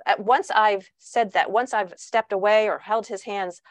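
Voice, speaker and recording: Animated woman author on a video call. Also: medium pitch, a little slow, dry recording. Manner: animated, acts out quoted voices. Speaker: parenting author and guest speaker. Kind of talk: answering questions on a video call.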